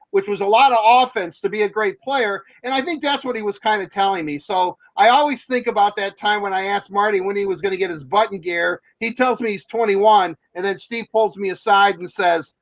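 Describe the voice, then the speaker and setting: A man's voice: high-pitched, a little fast, hardly any pauses, no room sound, muffled recording. A man, a sports reporter, telling a long story in a rambling way with many fillers and restarts. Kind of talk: casual storytelling.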